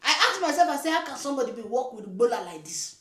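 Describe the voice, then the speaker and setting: A woman's voice: high voice, very animated, fast, a bit bright. A woman giving indignant, scolding commentary on a video as a YouTuber. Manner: scolding, indignant, emphatic repetition. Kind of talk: casual reaction commentary. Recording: echoey room.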